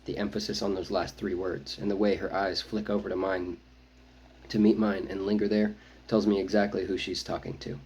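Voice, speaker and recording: A man reading his own novel aloud, first-person audiobook narration with a measured, brooding delivery. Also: low-pitched, little pitch movement, a little mellow, breathy edge, low-quality recording.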